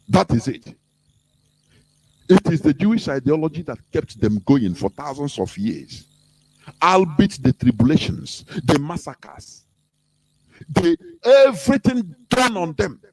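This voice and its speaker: A man's voice: fairly high pitch, darkish tone. A man with a Nigerian accent, hosting a radio talk and making his points in an emphatic, preachy way, with laughs between them. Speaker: radio host.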